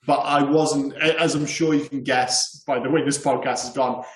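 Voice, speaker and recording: A man co-hosting a casual film podcast, animated and quick to swear and laugh. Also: mid-range voice. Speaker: podcast co-host. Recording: roomy echo.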